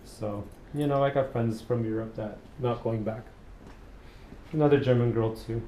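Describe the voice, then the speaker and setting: A man's voice: medium pitch, steady tone, normal speed, mellow, slight background noise. A man working as a barber, chatting casually and rambling through stories while cutting hair. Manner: chatty storyteller, rambling and repeating phrases. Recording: echoey room.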